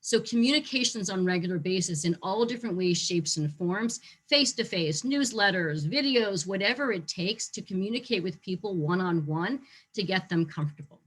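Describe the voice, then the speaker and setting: A woman teaching a short online lesson on facility management, talking lively and acting out how staff react to change. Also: medium pitch, moderate pace, husky. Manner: lively, acts out staff reactions in quoted voices.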